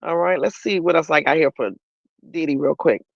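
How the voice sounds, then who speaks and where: A man's voice: on the high side, steady tone, a little fast, gravelly, no room sound, muffled recording. A man hosting a livestream, giving chatty, opinionated commentary on the news and talking straight to his viewers. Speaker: livestream host.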